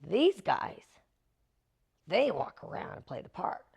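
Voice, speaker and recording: A middle-aged actress being interviewed, animatedly telling stories and acting out the quotes. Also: female voice, medium pitch, slow, gravelly, breathy edge. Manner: animated, acts out quotes with laughs. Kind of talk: anecdotal interview storytelling.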